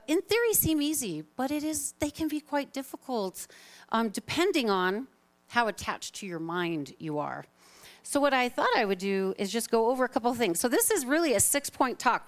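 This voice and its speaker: Woman minister, informal talk from the pulpit, a bit high-pitched, chatty and self-mocking, live congregation. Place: spiritual center sanctuary, live congregation.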